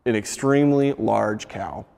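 A man voicing a slow, stubborn blind man who speaks low and plodding. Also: vocal fry, warm tone, big-room sound.

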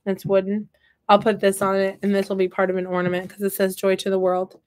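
A woman's voice: mid-range voice, completely flat delivery, fairly quick, a little mellow. A woman hosting a casual craft livestream from her home office, chatting and reading out viewer comments. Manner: playful and upbeat. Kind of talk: casual chat while crafting.

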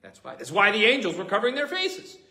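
A man's voice: high-pitched, wildly swooping pitch, quick pace, bright, forceful tone. A man preaching an earnest, emphatic sermon as a pastor, repeating key points. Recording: roomy echoing hall.

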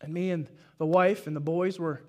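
High-voiced Southern preacher. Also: male voice, steady tone, normal speed. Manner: folksy storytelling that builds to shouted exhortation. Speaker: pastor. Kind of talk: sermon. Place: church service.

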